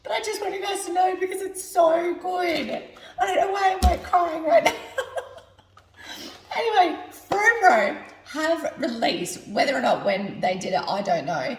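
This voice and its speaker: A woman's voice: extremely high pitch, expressive, a little slow, slight background noise. Giggly, hungover woman hosting a cooking vlog. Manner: giggly, rambling, chatty. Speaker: cooking show host. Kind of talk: casual cooking vlog chat. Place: home kitchen. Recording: echoey kitchen, mic at a distance.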